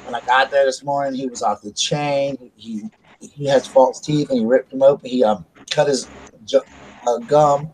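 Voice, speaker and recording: Brief: middle-aged man, livestream host, rambling chatty storyteller, mid-pitched voice, faint hiss behind. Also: steady tone, moderate pace, a little mellow, low-quality recording. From South Carolina, US. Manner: rambling storyteller, restarts and asides. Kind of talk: casual chat.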